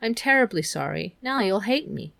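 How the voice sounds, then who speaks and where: A woman's voice: medium pitch, lively intonation, normal speed, gravelly, fairly bright tone, no echo. A woman voicing Meg, a teenage girl who is anxious and tearful, speaking shakily. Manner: shaky, miserable delivery.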